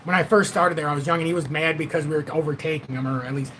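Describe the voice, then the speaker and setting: A man in his forties hosts a casual livestream and talks in a rambling, blunt way, swearing freely. His voice sits a little high for a man. There is faint hiss under the voice. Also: steady tone, fast, a bit bright. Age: 40s. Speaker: livestream host.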